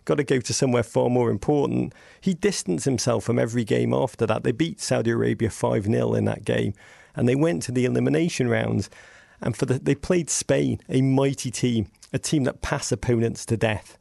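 Gravelly man, witty storyteller. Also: medium pitch, moderate pace, mellow, no echo, clean studio sound. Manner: witty, digressive storytelling with sarcastic asides. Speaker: podcast guest. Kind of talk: casual podcast conversation.

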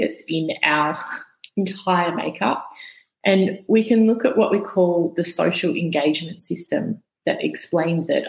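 Low-voiced woman explaining patiently. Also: roomy sound, rough recording. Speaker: podcast guest, vagus nerve educator. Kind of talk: explaining in a podcast conversation.

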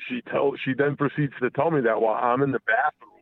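A man calling in and telling a personal story casually, halting and profane, full of restarts. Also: medium pitch, steady tone, gravelly, no echo. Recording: tinny phone line.

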